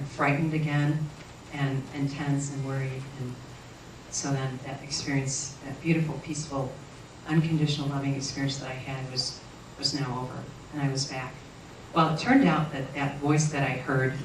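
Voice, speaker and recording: Woman guest, earnest halting storyteller, roomy distant recording with faint noise. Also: extremely low pitch. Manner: earnest, halting with frequent restarts. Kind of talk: personal storytelling.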